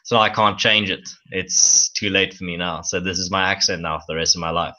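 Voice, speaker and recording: A man's voice: low voice, steady tone, brisk, sharp tone. A South African man whose first language is Afrikaans, chatting casually as a guest. His accent leans toward English South African, and he laughs easily. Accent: South African, softened toward English South African. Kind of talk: casual conversation.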